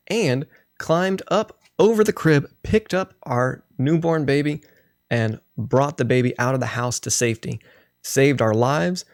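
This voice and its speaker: Casting: man playing a folksy old farmer, slow earnest telling, dry close sound. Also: medium pitch, no echo.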